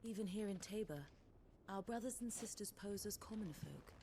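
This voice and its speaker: An actress voicing a quiet, confiding woman of a hidden order in a video game. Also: mid-range voice, lively intonation, normal speed, a little hiss or hum, natural voice.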